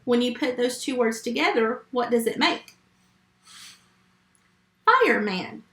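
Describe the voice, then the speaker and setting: Woman, first grade teacher, slow and patient, gravelly voice, echoey room. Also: fairly high pitch, animated, a bit bright. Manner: slow, patient, step-by-step teaching to young children. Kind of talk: remote phonics lesson.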